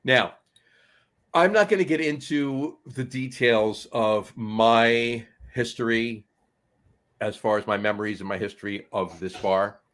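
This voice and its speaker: A man's voice: medium pitch, measured pace, fairly bright tone. A man co-hosting a casual beer podcast, rambling, losing his place and chuckling often. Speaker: podcast co-host. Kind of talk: casual chat.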